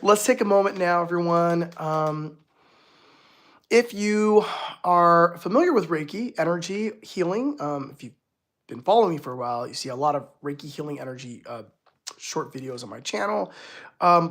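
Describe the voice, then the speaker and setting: Spiritual healer, live-stream host, casual chat, gushing, laughs often, middle pitch, lots of restarts and fillers. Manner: excitable and gushing, with frequent laughs and exclamations; hesitant restarts and filler words.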